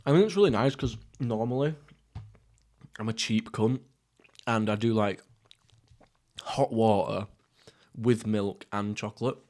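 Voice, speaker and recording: A young man from England hosting a casual solo podcast while eating, rambling through jokey, crude, deadpan stories. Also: lowish voice, a little slow, pauses often. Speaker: podcast host. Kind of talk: casual solo mukbang chat.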